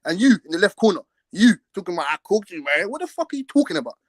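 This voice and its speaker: Man, young adult, live-stream host, heated argument, quick delivery, brash trash talk. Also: high-pitched, big pitch swings, no echo.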